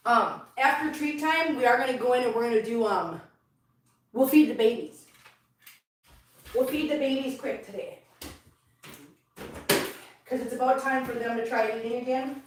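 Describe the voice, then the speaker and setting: A woman's voice: fairly high pitch, measured pace, pauses often, slight background noise. A woman chatting earnestly to her viewers and cats while she cleans up at home. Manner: earnest, baby talk to cats. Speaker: cat channel vlogger. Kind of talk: casual chat while cleaning. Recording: echoey room, from a distance.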